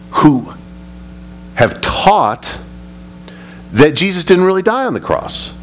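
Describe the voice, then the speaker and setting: A male pastor teaching a Bible study, speaking emphatically and climbing high when he retells scripture. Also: a bit bright, a little hiss or hum. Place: church sanctuary.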